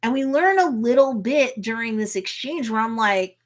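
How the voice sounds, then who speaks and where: A woman attorney casually recapping and commenting on a TV episode, chatty and lively, acting out characters' lines. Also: fairly high pitch, moderate pace. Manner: lively storyteller who acts out characters' lines; chatty, with frequent um and you know. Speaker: attorney reacting to a TV series.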